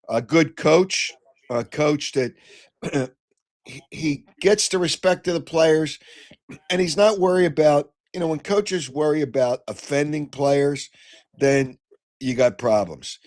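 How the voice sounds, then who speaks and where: An older man hosting a call-in sports radio show, blunt and opinionated, clearing his throat as he gets over a cold. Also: on the high side, slow. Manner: blunt, opinionated, flares into shouting. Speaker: sports talk radio host.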